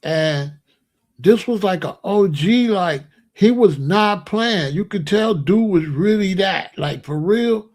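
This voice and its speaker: A man's voice: sits high, animated, takes it slowly, darkish tone. A man hosting his own channel, telling a personal story in a casual, rambling, emphatic way. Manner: rambling, emphatic, breaks into laughs. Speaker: channel host.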